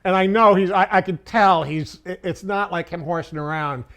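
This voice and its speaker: A man, a former journalist, telling a long comic anecdote on a podcast in a casual, animated way, stumbling over restarts now and then. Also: sits high, moderate pace. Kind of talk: casual comedy storytelling.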